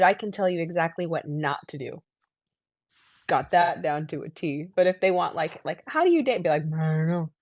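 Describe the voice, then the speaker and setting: A woman's voice: low voice, dry recording. Chatty woman with a muffled voice. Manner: rambling storyteller, acts out quotes in lively voices. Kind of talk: casual chat.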